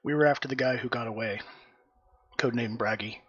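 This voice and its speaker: A man playing in a tabletop game, speaking his character's lines in a brisk, matter-of-fact way on a dull, lo-fi microphone. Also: mid-range voice, a bit bright. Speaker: player.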